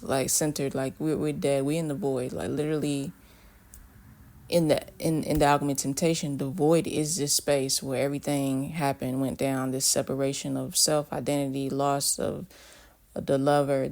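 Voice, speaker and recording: Rambling, gravelly man talking through his album. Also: a little high. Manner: rambling, reflective, many fillers and restarts. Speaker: artist discussing his album. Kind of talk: casual spoken commentary.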